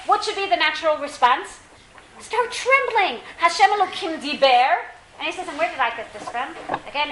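A woman teaching a classroom Bible lesson, lively and questioning, often quizzing her students. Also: high voice, reverberant, slight background noise, poor audio.

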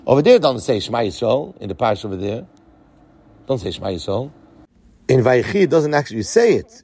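A man's voice: on the high side, a little mellow, no room sound. A man teaching a Talmud lesson with an Ashkenazi yeshiva pronunciation, chanting the Aramaic text and then explaining it in English. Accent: Yeshivish Ashkenazi Hebrew pronunciation.

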